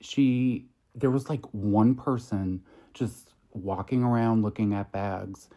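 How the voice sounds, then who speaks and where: A man tells a story to camera at a very slow, deliberate pace. His voice sits fairly low with a warm, mellow tone. He sounds measured and incredulous as he retells what happened. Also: fairly even intonation. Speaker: makeup artist vlogger. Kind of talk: storytime vlog recounting an incident.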